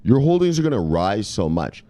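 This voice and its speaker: A man's voice: fairly low pitch, normal speed, dry recording. A man hosting a crypto news channel who reads from articles, stumbles over words, then rambles, swears and pushes harder as he goes, sounding a bit tipsy. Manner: rambling, swearing, pushy, gets louder and more excited. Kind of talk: casual profane market commentary.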